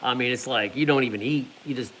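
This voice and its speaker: A man's voice: mid-range voice, fast, a bit bright, slight background noise, low-quality recording. A man telling a casual personal story, laughing often and making sound effects. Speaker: vlogger.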